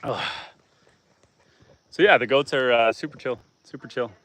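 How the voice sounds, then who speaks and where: A man's voice: medium pitch, a little slow, a bit bright. A man hosting a live stream from his homestead, chatting casually, talking to his goats and reading out viewer comments. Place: outdoors on a homestead among goats.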